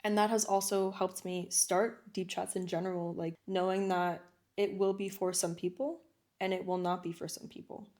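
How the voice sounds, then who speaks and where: A young woman speaks as a guest on a casual podcast. Her voice sits slightly low. She talks in a soft, reflective way, pokes fun at herself, and often pauses on "like.". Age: young adult. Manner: reflective, soft-spoken, self-deprecating, filler-heavy. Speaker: podcast guest, community founder. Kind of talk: casual conversational interview.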